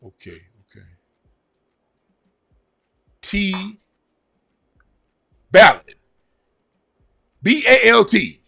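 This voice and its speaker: A man doing a mocking impression of a raspy man fumbling through a spelling quiz, spelling slowly letter by letter. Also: high voice, expressive, sharp tone, soft background music, pitched above the performer's own voice, exaggerated voice. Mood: fumbling, pleading. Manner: slow, halting, spells letter by letter. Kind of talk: mocking impression in a casual vlog.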